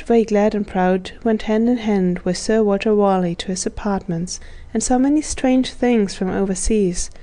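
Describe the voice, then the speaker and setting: Woman reading a storybook, mellow. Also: mid-range voice. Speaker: audiobook narrator. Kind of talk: scripted storybook narration.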